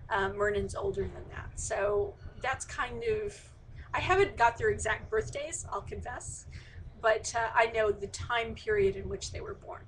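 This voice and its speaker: A woman's voice: medium pitch, a little slow, slight background noise, poor audio. A woman author in a casual online Q&A, reading out audience questions and answering them chattily with plenty of fillers. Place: indoors, remote live stream.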